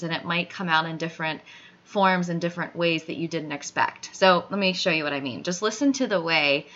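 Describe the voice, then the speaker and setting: A woman's voice: fairly low pitch, pushed and bright. A woman hosting a motivational talk and speaking earnestly and encouragingly straight to the listener. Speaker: podcast host. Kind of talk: motivational monologue. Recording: dull lo-fi audio.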